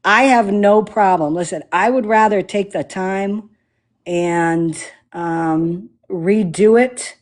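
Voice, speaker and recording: This woman speaks slowly at a medium pitch. She's a livestream host working on refinishing furniture, keeping things casual with frequent fillers and bouts of playful laughter.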